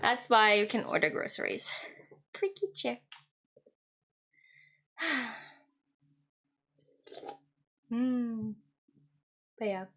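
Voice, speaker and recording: A woman's voice: fairly high pitch, expressive, drawn-out words, long pauses, a bit bright. A young woman, chatting casually and playfully with her stream viewers and giggling often. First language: German.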